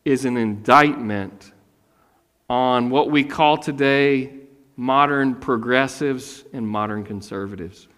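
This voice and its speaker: A man in his thirties preaching a sermon, casual and animated, often jumping into high, loud voices to act out the people in his stories. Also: takes it slowly, long reverb tail. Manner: animated, acts out voices with sudden high pitch. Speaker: pastor.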